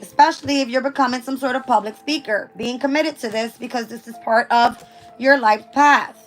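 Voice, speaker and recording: A woman with a hoarse, fading voice giving a casual tarot reading, reading passages aloud and then riffing off them with the odd swear word. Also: on the high side, normal speed, faint music behind. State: hoarse, losing her voice. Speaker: tarot reader.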